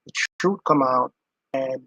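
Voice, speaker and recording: A man's voice: mid-range voice, a little slow, no echo, muffled recording. Earnest man in dry close commentary. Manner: repetitive, earnest, emphatic. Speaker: commentator reacting to clips. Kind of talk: casual reaction commentary.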